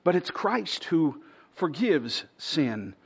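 A man in the pulpit preaching with earnest conviction, his voice sitting a little on the high side. He swells to near-shouts and sinks to soft, hushed emphasis. The recording is dull and lo-fi. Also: sing-song, slow, creaky, breathy edge. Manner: earnest preaching, swells louder to a near-shout at points, drops to a hush on key words. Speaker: pastor. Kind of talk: sermon.

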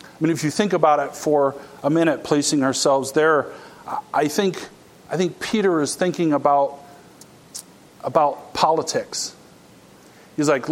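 A man's voice: fairly high pitch, steady tone, a little slow, long pauses. A man preaching a conversational sermon, explaining a scripture passage and acting out quoted dialogue. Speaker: pastor.

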